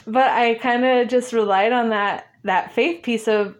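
A woman's voice: on the high side, steady tone, a little slow, hardly any pauses. A woman guest in an interview, telling a story casually, laughing often and acting out bits of dialogue.

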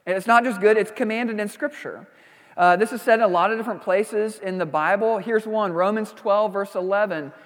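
A man's voice: high-pitched, fairly quick, big-room sound. A man preaching a sermon as a pastor, reading scripture, praying and teaching in a conversational way with frequent asides.

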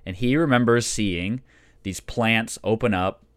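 Low smooth-voiced man recapping as game master. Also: unhurried, no echo. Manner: relaxed, loose storytelling with filler words. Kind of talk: casual recap of a tabletop game.

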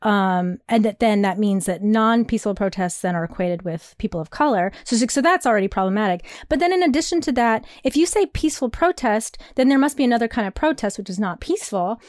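A young woman co-hosting a casual chat, rambling and animated, laughing often and filling her talk with "like". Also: a little high, fairly quick, hardly any pauses, dry recording, clean studio sound. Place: New York.

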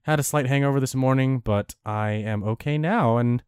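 A young man co-hosting a podcast in casual chat, his voice raspy and a little deeper after a late night. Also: moderate pace, darkish tone, no echo. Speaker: podcast co-host.

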